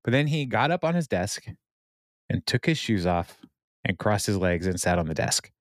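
A young man with a lower voice chats casually, retelling scenes and breaking into frequent laughter. The sound is dry and close, with no room around it. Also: sing-song, moderate pace, no echo. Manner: laughs often, retells scenes with quoted lines. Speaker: podcast co-host. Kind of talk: casual chat recapping a TV episode.

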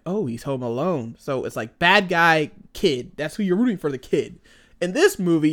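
A man co-hosting a casual movie review chat, rambling and animated, slipping into voices when he quotes characters. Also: a little high. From American Midwest. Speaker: podcast co-host.

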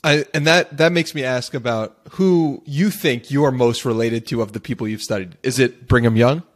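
A man hosting a podcast, asking probing questions in a slightly halting way. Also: medium pitch. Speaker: podcast host. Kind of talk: casual interview questions.

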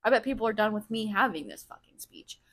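A woman talks alone on her podcast in a raw, unfiltered way, swearing freely. Her voice sits at an everyday middle pitch. She keeps turning her thoughts over out loud, half talking to herself. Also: expressive, fast talker. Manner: blunt, profane, emotionally raw; self-reflective, thinking aloud. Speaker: podcast host. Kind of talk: candid solo podcast monologue.

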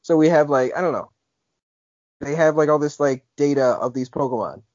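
A man's voice: on the high side, normal speed, darkish tone, no room sound. A young man co-hosting a podcast in casual chat, rambling with lots of filler words and restarts. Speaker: podcast co-host. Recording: dull lo-fi podcast audio.

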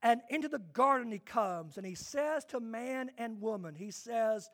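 A man preaching a sermon to his church, swinging between quiet asides and loud, emphatic declarations. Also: extremely high pitch, animated, measured pace. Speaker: pastor.

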